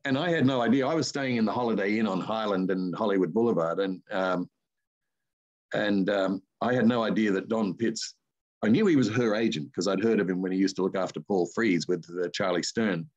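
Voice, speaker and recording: A voice artist with an Australian accent, this older man talks fairly quickly in a lowish voice, and the sound is lo-fi. As an interview guest he rambles through anecdotes, tossing in lively asides along the way.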